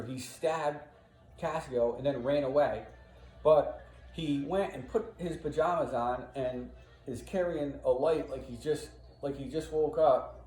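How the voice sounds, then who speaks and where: A man's voice: mid-range voice, darkish tone. A man teaching a play, reading lines and explaining them casually with frequent "right?" asides. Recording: echoey room, faint ambience.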